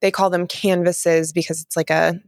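A woman co-hosting a podcast in casual chat, animated and gushing, laughing between phrases. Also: fairly low pitch, normal speed, vocal fry, no room sound, studio quality. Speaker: podcast co-host.

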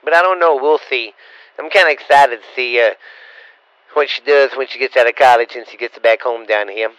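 A man's voice: medium pitch, normal speed, fairly bright tone, dry recording. A middle-aged man answers viewer questions in a rambling, stammering, blunt and profane way. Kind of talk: casual rambling Q&A. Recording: dull lo-fi recording.

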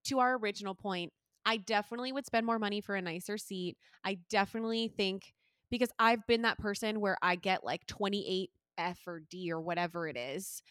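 A woman co-hosting a podcast in casual chat, telling animated stories full of swearing and acting out what other people said. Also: medium pitch, fairly quick, no room sound, studio quality. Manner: animated storytelling, swears a lot; acts out others' lines in raised voice. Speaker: podcast co-host.

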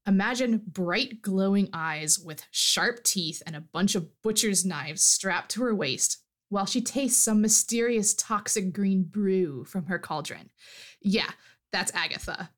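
A woman's voice: mid-range voice, lively intonation, a little slow. A woman co-hosting a podcast, animatedly recapping a fantasy story in casual chat. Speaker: podcast co-host.

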